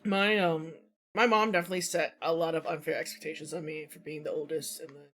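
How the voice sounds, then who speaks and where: Candid man with a higher-pitched voice. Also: little pitch movement, a little fast, a bit bright. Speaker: stream host and interviewer. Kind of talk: casual chat.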